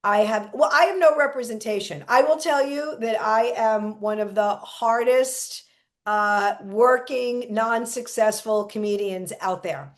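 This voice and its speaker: A woman's voice: fairly high pitch, a little slow. A woman hosting a casual interview, chatting earnestly and using frequent fillers. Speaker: podcast host and comedian.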